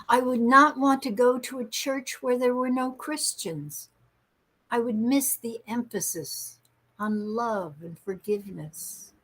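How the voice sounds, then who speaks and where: A woman minister reading a poem as the closing words of a church service, slow and reverent. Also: on the high side, fairly bright tone, breathy edge, rough recording. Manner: slow, measured, reverent recitation. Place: church sanctuary during a livestreamed service.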